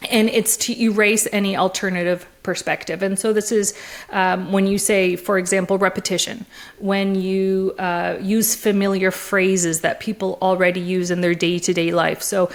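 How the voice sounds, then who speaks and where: A woman who is a discourse analyst appears as a guest in a conversational interview. She talks animatedly at a medium pitch, laughing often and frequently restarting.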